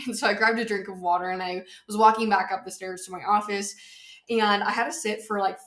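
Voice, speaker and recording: A woman with a mid-range, fairly bright voice hosts her own podcast from a home office, and the sound is reverberant. She chats casually on her solo show, slightly out of breath, repeating her points to drive them home.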